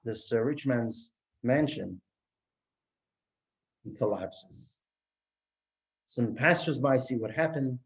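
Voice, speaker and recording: A man, as a rabbi, giving a Torah class who tells a story with animated delivery and frequent restarts. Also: mid-range voice, low-quality recording.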